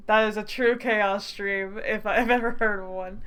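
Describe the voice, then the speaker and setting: A woman's voice: mid-range voice, fairly even intonation, normal speed, hardly any pauses, a bit bright. A woman streaming a story game, reading the narration aloud and breaking into giggly, self-mocking asides.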